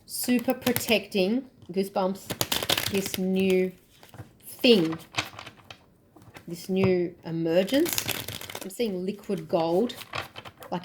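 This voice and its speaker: A woman's voice: medium pitch, background noise. Emphatic woman reading tarot. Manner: emphatic, repeats phrases, thinks aloud. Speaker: tarot reader.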